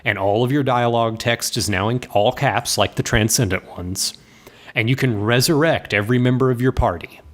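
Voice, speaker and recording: A man's voice: medium pitch, normal speed. A man co-hosting a podcast, recapping a game's ending in a rambling, casual way with lots of fillers. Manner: rambling retelling of a game plot, lots of fillers. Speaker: podcast co-host.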